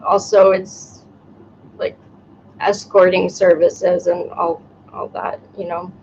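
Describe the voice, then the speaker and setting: A woman's voice: on the low side, flat delivery, slow, darkish tone. A woman from Ukraine co-hosts a casual chat, talking hesitantly and restarting her sentences. Her sound is a little muffled and dull. A faint hiss sits behind her voice. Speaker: podcast co-host.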